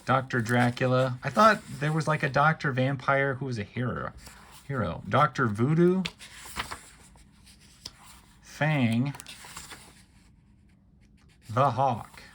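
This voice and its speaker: A man's voice: medium pitch, takes it slowly, long pauses, fairly bright tone, slight background noise. A man giving wry, offhand running commentary while paging through a book, with plenty of ums and uhs. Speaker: book reviewer.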